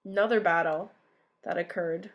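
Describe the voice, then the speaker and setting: A young woman co-hosting a podcast, telling history in a casual, animated way, swearing freely. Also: on the low side, normal speed. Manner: animated storyteller who swears and acts out quotes. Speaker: podcast co-host.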